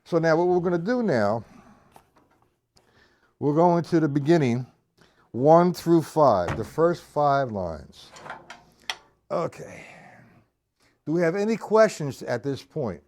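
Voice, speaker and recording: Guy teaching drums live, counts the beats out loud, easygoing. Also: a little high, very animated, slow, long pauses, a little hiss or hum. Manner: casual, explanatory, counting beats aloud. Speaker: drum teacher. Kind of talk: live-streamed drum lesson.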